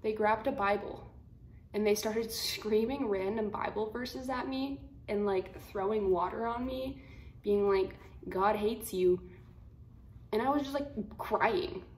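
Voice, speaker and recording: A twenty-year-old woman vlogging, telling a story to camera in a blunt, slangy, animated way. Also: medium pitch, unhurried. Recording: roomy echo, faint room hum.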